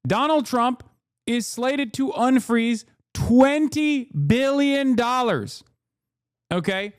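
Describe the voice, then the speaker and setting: A man's voice: sits high, no echo, studio quality. A man in his thirties streaming political commentary, sarcastic and profane, mocking as he reacts to the news.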